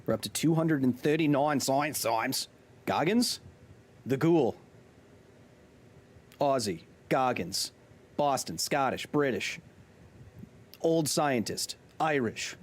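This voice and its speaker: A man's voice: mid-range voice, lively intonation, slow, pauses often. A man live-streaming a video game, chatting with his viewers in a jokey, casual way and reading in-game notes aloud.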